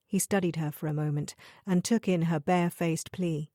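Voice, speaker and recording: A woman reading an audiobook thriller in measured, even scripted narration. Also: lowish voice, dry recording, studio quality.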